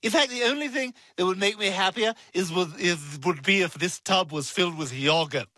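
A man's voice: high voice, moderate pace, sharp tone, no echo. A man voicing a pompous, bossy infant boy who is tipsy and giggly.

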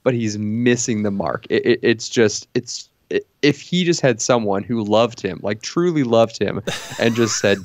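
A man co-hosting a movie podcast, reviewing films in an animated, casual way with lots of restarts and laughs. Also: on the low side, measured pace, no room sound. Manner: animated, stumbling restarts, laughs while talking. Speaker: podcast co-host.

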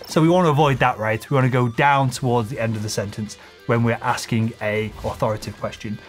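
A man teaching as a sales coach, talking straight to camera and acting out example pitches in a relaxed conversational tone. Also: fast talker, soft background music. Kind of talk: instructional talk to camera.

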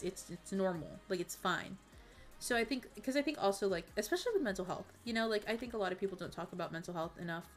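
A woman streaming a game, talking in a rambling, earnest way with many fillers and restarts. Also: mid-range voice. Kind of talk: casual stream chat.

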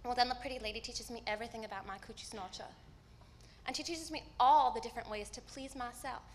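A woman acting a stage monologue as a candid, wry woman recalling her teenage self, telling the story with vivid swings from hushed to loud. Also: high-pitched, a little hiss or hum. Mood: warm reflective. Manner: storytelling with vivid shifts in loudness. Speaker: stage actor. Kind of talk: live theatrical monologue. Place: theater stage.

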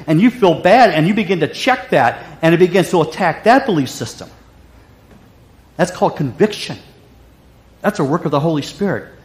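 A male pastor delivers a sermon, pressing points through repetition and restarts. His voice sits high for a man. The recording carries a roomy echo. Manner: emphatic, repeats phrases, frequent restarts.

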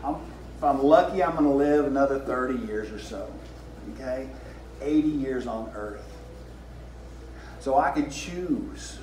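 In an echoey room with a faint hiss, a man in his fifties preaches informally in a Southern US drawl, with a medium-pitched, dark voice at a moderate pace. He reads scripture, speaks in a folksy manner, repeats lines and asks the room questions.

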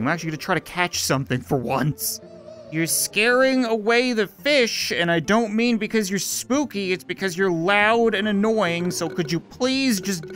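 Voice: mid-range voice, fairly bright tone. A video game host giving casual, joking let's-play commentary while playing, chatting directly to viewers.

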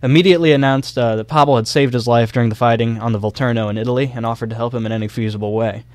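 A young man tells a history story on a casual podcast, full of fillers and easy laughs. His voice is smooth and resonant, recorded close with a dry sound. He speaks at a middling pitch. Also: steady tone, racing, a little mellow, no room sound. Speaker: podcast co-host.

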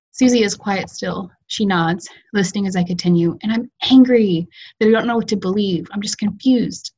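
A woman fiction writer reading her own story aloud in a calm, measured way over a video call. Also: medium pitch, dull audio. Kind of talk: literary reading.

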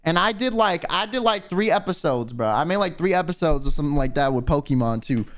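A man's voice: fairly high pitch, animated, brisk. Slangy laid-back male streamer. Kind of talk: casual reaction commentary.

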